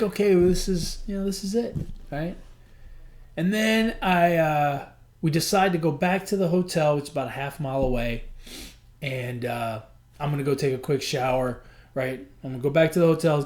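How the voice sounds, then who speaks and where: A man hosting a podcast, telling a personal story in a chatty, animated way and acting out the dialogue. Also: medium pitch. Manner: animated, acts out quoted dialogue; chatty, frequent "I'm like" and "he goes". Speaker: podcast host. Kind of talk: storytelling monologue.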